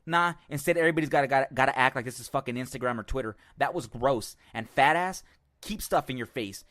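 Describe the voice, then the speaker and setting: A man hosting his own show, ranting hard about a video he just played. He talks in a heated, profane rush, at an ordinary pitch for a man. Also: quick pace, fairly bright tone. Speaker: show host. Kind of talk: ranting commentary on a video clip.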